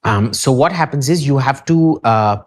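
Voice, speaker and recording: Lively Indian man holding forth. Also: medium pitch, normal speed. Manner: emphatic, opinionated lecturing. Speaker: podcast guest. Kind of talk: casual podcast discussion.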